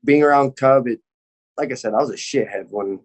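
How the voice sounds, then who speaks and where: A man's voice: mid-range voice, fairly quick. A young man, an MMA fighter, telling a story in casual chat, cursing constantly and acting out the people he quotes.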